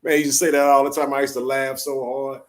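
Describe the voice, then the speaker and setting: A man's voice: medium pitch, level tone, quick pace. A man with a Southern US accent hosting a casual late-night talk show, laughing and telling stories full of folksy sayings. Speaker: host.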